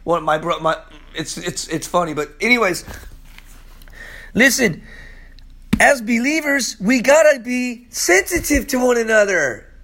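Pastor, male, high voice, hoarse from allergies, excitable, chatty sermon delivery with frequent laughs. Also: a little slow, pauses often. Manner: excitable and chatty, laughs often, says "man" a lot. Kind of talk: casual, energetic sermon.

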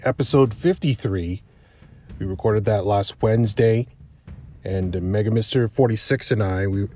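A man's voice: on the low side, warm tone, slight background noise. A man hosting a podcast alone, talking casually and rambling with many fillers and restarts. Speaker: podcast host. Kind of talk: casual solo podcast chat.

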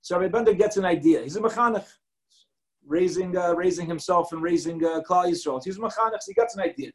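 Man, rabbi type, high voice, lively storytelling lecture with Hebrew and Yiddish terms sprinkled in. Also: quick pace, poor audio. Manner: animated storyteller, acts out quotes, mixes in Hebrew and Yiddish terms. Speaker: rabbi giving a Torah talk.

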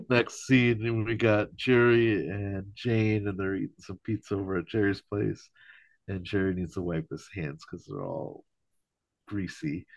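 Gravelly guy rambling through a show recap, low voice, dry close lo-fi mic. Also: darkish tone, dry recording. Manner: rambling, casual, swearing. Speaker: podcast host. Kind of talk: casual episode recap.

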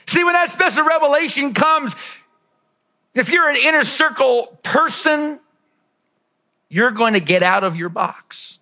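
High, animated preaching man. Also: a little slow, long pauses, dull audio. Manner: animated, swings from low asides to shouted peaks. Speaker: pastor. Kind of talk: sermon.

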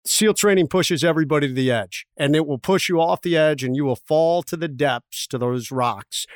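A man's voice: mid-range voice, dry recording, clean studio sound. A man hosting a podcast, speaking in an intense, emphatic motivational style. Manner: intense, emphatic pep-talk delivery. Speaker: podcast host, former Navy SEAL.

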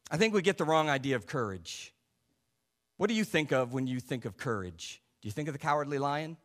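Male pastor, sermon, fairly high voice, punchy emphasis, frequent rhetorical questions, drops low and soft for asides. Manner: swings between loud stresses and quiet low asides.

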